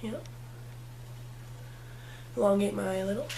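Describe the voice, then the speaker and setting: Chatting playfully to herself while she works, a woman walks through a casual makeup tutorial as a vlogger. Her medium-pitched voice is creaky and dark-toned at normal speed, and the recording carries a little hiss or hum.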